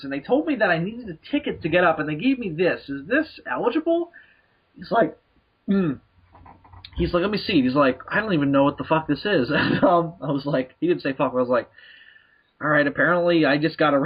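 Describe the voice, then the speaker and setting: A man's voice: on the high side, slightly rough. A man hosting a comedy podcast, telling a rambling, profane story and acting out the people in it. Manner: profane, laughing, acts out people in stories. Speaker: podcast host. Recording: muffled lo-fi podcast recording.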